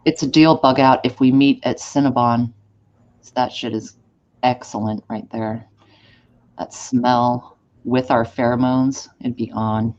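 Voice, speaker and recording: A woman's voice: very deep voice, fairly even intonation, a little slow, darkish tone. A woman co-hosting a casual livestream, chatty and joking. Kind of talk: casual chat. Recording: dull lo-fi stream audio.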